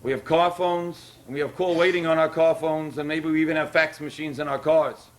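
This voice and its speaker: A man's voice: on the high side, fairly even intonation, brisk. A man speaking at a synagogue ceremony, delivering an emotional sermon that rises to emphatic peaks. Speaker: rabbi speaking at a Torah dedication.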